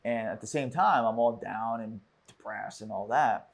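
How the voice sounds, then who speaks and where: A man hosting a podcast, telling a personal story in a halting, reflective way with frequent restarts. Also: lowish voice, vocal fry. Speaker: podcast host.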